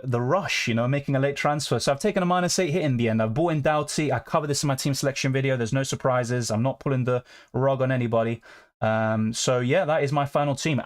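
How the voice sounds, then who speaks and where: A young man chatting casually on a live stream, answering viewer questions in a relaxed, conversational way. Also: mid-range voice. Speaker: fantasy football streamer.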